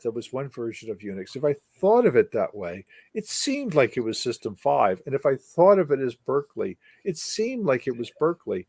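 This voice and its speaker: A man's voice: mid-range voice, sing-song, normal speed, creaky, few pauses, darkish tone, breathy edge, no echo. An older man telling a long story with wry humor and emphatic repetition, as a guest speaker. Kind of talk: storytelling in an interview.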